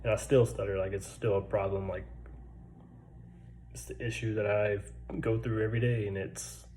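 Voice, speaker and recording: A man's voice: on the low side, flat delivery, normal speed, warm tone, slight background noise, low-quality recording. Laid-back stuttering man in his twenties. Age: 20s. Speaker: vlogger. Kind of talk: casual personal storytelling. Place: military barracks room.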